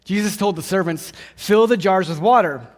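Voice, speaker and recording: A man preaching a sermon as pastor, telling the story in an animated way and acting out the scene. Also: high-pitched, moderate pace. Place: church.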